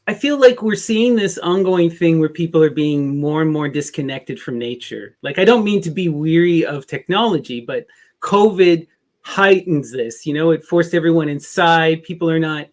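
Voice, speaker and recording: A man's voice: fairly high pitch, normal speed. A man hosting a podcast, musing casually with lots of "you know" and "like.". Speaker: podcast host.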